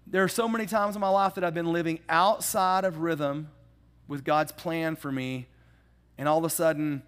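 Animated, casual male preacher. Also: on the high side. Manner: casual, animated storytelling with humorous asides. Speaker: pastor. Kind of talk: sermon.

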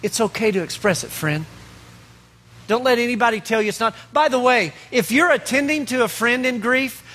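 A man preaching a sermon as pastor, asking rhetorical questions and pausing for effect. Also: very high-pitched, sharp tone.

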